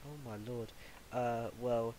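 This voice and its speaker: A man's voice: mid-range voice, fairly even intonation, takes it slowly, very noisy. A young man hosting a casual podcast chat, rambling and laughing often. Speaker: podcast host.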